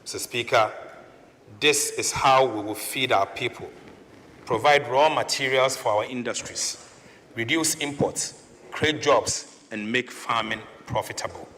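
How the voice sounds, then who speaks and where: A man's voice: medium pitch, a little slow, a bit bright, big-room sound, slight background noise. A man with a Ghanaian accent delivering a formal parliamentary budget speech, declaiming and repeatedly addressing the Speaker. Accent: Ghanaian English. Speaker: finance minister presenting budget. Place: parliament chamber.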